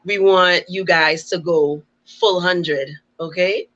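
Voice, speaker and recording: Low-voiced woman hosting a talk show. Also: steady tone, a bit bright. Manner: measured, deliberate, with fillers. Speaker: podcast host. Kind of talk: casual talk show discussion. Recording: dull, lo-fi sound.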